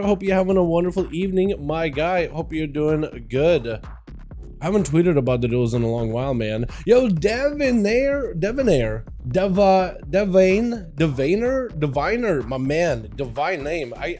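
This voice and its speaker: A man's voice: a little high, darkish tone. A young man hosting a casual gaming livestream, rambling in slangy talk and greeting chat by name while sounding tired. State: tired, no coffee. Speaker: livestream host. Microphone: desk mic in front of green screen.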